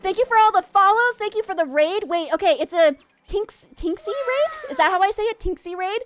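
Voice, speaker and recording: A young adult woman streaming a game live, bubbly and excitable, chatting with viewers and laughing often. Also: very high-pitched, fairly quick, slight background noise. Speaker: variety streamer.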